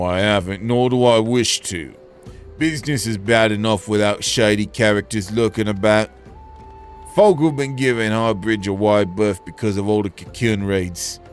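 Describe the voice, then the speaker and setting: A man's voice: fairly low pitch, steady tone, normal speed, faint music behind, voice pushed down, lightly acted. A man voicing an impassive male merchant in a video game, curt and dismissive.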